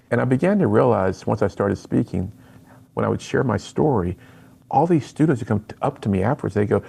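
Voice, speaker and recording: Gravelly raspy middle-aged guy telling his story on a radio show, earnest, acts out the quotes. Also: fairly low pitch, fast talker, warm tone. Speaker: radio guest, speaker to students. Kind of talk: personal storytelling in an interview.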